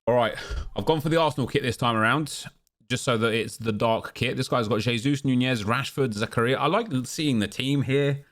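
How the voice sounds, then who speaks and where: A man's voice: mid-range voice, moderate pace, fairly bright tone. A man hosting a gaming video, commentating live on his own play in an exasperated way, repeating himself and swearing.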